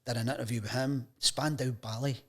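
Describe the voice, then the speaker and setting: This is a sports journalist from Scotland, in his fifties, giving a casual storytelling interview as a chat show guest. He delivers lively anecdotes briskly in a mid-range voice, performing the quoted voices himself.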